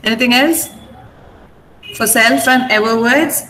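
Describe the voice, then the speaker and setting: Indian English woman, teacher, slow drilling delivery, echoey room. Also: fairly high pitch, sharp tone. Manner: slow, drills words syllable by syllable, checks with "okay?". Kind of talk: online vocabulary and pronunciation lesson. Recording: echoey room, faint ambient noise.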